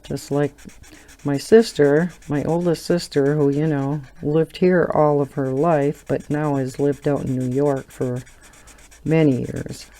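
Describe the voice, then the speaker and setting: A woman's voice: low-pitched, steady tone, a little slow, mellow. A middle-aged woman with a Wisconsin accent, chatting casually and rambling while she colors, laughing now and then. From Wisconsin, USA. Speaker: coloring channel host.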